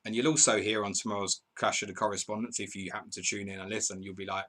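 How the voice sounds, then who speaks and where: A man's voice: on the low side, fast talker, hardly any pauses, pushed and bright. A man hosting a live football stream, reading viewers' comments and calling match updates in a chatty, bantering way. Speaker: podcast host.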